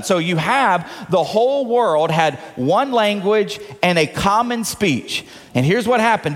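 In a church sanctuary that sounds like a large hall, a pastor whose voice sits high delivers a sermon to his congregation. Playful asides and repeated words help him build toward his point.

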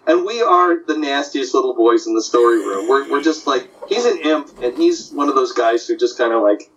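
A man who works as an animation story artist, chatting casually and telling animated anecdotes. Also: mid-range voice, moderate pace. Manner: animated storyteller, slips into character voices. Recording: distant, dull lo-fi audio.

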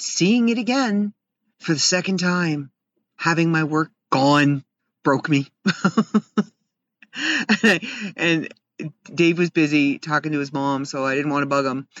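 Bright-voiced man chatting in a vlog. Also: a little high, no echo. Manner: chatty, rambling, self-deprecating, laughs often. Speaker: vlogger. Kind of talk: casual personal vlog. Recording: slightly muffled with faint background hiss.

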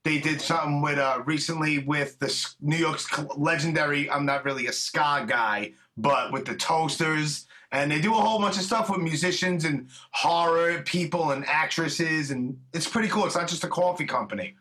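A man's voice: fairly high pitch, normal speed, hardly any pauses, bright, forceful tone. A middle-aged man hosting a podcast, talking in a rambling, chummy, profane way. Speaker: podcast host. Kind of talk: casual interview chat.

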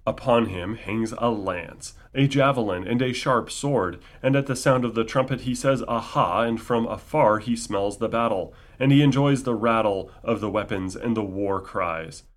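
Male reader, somewhat low voice, measured scripture reading with wry asides. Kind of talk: reading aloud with commentary.

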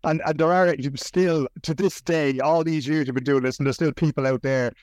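Interviewer, dry close voice. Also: male voice, fairly high pitch, fairly even intonation, normal speed, a little mellow, clear, resonant tone, no echo. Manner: friendly, conversational questions. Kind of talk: casual interview chat.

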